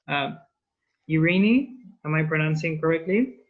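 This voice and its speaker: Slow, patient tutor on a call. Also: male voice, a little high. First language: French. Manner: patient, slow step-by-step prompting. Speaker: French tutor. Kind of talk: online language class. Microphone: video call. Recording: dull lo-fi call audio.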